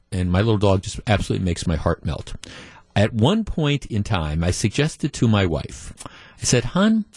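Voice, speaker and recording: A man's voice: fairly low pitch, a little mellow, no echo. Male radio talk host, conversational and opinionated, close dry studio mic.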